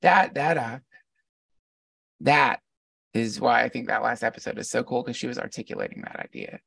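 A man's voice: medium pitch, moderate pace, creaky, bright, forceful tone, husky, no room sound, studio quality, distant mic. A middle-aged man, a podcast guest, talking casually in a reflective, meandering storytelling way. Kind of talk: casual conversation.

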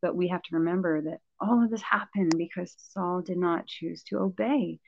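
A woman's voice: fairly low pitch, moderate pace, gravelly, darkish tone, slight background noise. A woman in a casual Bible discussion who thinks aloud, restarting sentences and chuckling often. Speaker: Bible study co-host. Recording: dull, dry lo-fi sound.

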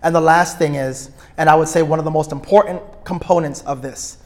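A man speaking to a room of couples at a retreat, energetic and outgoing, often checking in with his listeners. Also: a little high, brisk, hardly any pauses. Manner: energetic, self-described extrovert; checks in with listeners, asking "right?". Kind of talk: live talk to an audience.

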